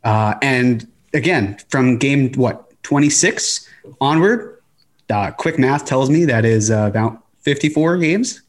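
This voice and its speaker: A man's voice: medium pitch, expressive, takes it slowly. A man co-hosting a casual sports podcast, skeptical, asking his partner for numbers. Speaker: podcast co-host.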